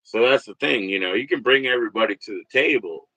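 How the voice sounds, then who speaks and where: A man in his forties hosting a livestream, rambling and swearing, jumping from loud bursts to mutters. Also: medium pitch, fast talker, no room sound, rough recording. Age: 40s. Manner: rambling, profane, swings between loud and muttered. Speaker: livestream host. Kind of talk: casual livestream rant.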